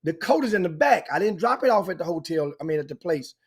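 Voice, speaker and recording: A man's voice: fairly high pitch, quick pace, slightly rough. Man with a rambling anecdote. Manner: animated, rambling anecdote with frequent restarts. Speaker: host. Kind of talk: casual storytelling chat.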